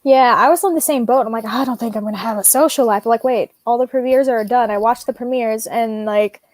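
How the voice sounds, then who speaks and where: A woman's voice: fairly high pitch, a little fast, a little mellow, no room sound. A young woman guesting on a casual livestream chat, rambling and giggly. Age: young adult.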